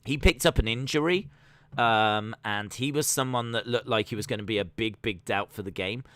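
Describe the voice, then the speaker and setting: Male stream host, bright and clear, dry sound; chatty, answers the chat, gets excitable. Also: on the low side, normal speed, dry recording. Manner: chatty, reads out viewer comments and answers them; excitable bursts, then trails off quietly. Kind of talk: casual live-stream watch-along chat.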